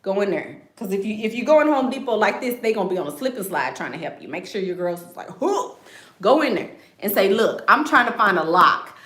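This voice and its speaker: A woman's voice: medium pitch, animated, fast, few pauses, reverberant. A woman hosting a casual livestream, giving blunt advice in a sassy, joking way and laughing often.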